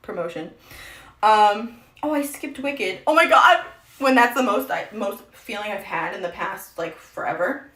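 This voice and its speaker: A woman's voice: medium pitch, expressive, measured pace, a bit bright, reverberant, rough recording. A young adult woman streaming a casual get-ready-with-me chat, rambling and self-deprecating.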